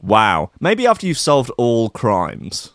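A man's voice: mid-range voice, huge pitch swings, takes it slowly, a bit bright, no echo, studio quality. A man reading out news stories and mocking them in a sarcastic, exasperated rant. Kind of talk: ranting news commentary.

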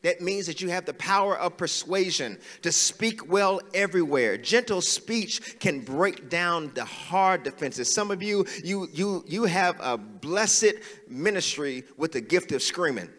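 A man's voice: high voice, expressive, measured pace, few pauses, fairly bright tone, big-room sound. A man preaching a sermon as pastor, building into a sing-song preaching cadence. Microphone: handheld mic.

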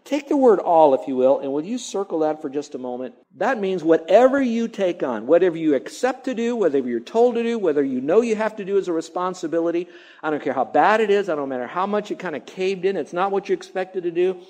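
A man's voice: high voice, expressive, fast talker, warm tone. A middle-aged male pastor preaching a sermon, stretching out key words for emphasis and mimicking grumbling sounds.

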